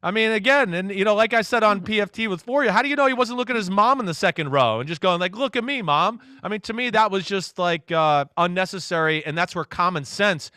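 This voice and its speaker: Bright, high-voiced man telling a story. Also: fast talker, hardly any pauses, clean tone, dry recording, clean studio sound. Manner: animated storyteller, acts out quotes. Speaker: football analyst guest. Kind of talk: casual interview chat.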